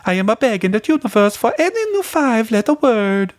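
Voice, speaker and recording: A man's voice: high-pitched, very animated, brisk, no room sound, clean studio sound, voice pushed up. A man voicing a puzzle maker with an exaggerated put-on Italian accent, done as a comic bit in podcast chat. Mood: hammy.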